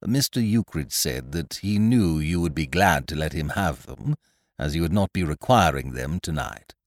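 A man voicing a stiff, formal older landlord who speaks in a grave, deferential, measured way. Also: very deep voice, expressive, dry recording, voice pushed down. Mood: solemn.

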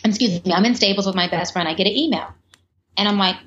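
A woman guest spins a personal story in an interview with lots of energy. Her delivery is animated, and she slips into other people's voices as she goes. The sound is a bit dull, and there is a faint hiss of noise underneath. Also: mid-range voice, fast. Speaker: life coach guest. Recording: slightly muffled with faint background noise.

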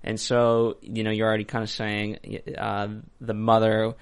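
A man's voice: lowish voice, monotone, normal speed, clean tone. A man, a show producer, chatting from the studio booth in a hesitant way with many restarts. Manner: hesitant, lots of fillers and restarts. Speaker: producer and co-host. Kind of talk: casual chat.

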